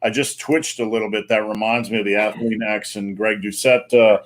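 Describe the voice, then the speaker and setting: A man's voice: on the low side, steady tone, fairly quick. Casual joking male live-stream host. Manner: casual, loose, joking, many fillers.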